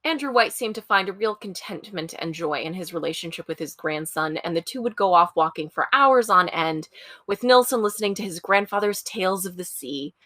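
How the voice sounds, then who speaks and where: A woman's voice: on the low side, animated, a little fast, a bit bright, no room sound, studio quality. A woman co-hosting a true-crime podcast, telling the story casually with wry asides. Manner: chatty, wry asides with frequent laughs. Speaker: podcast co-host.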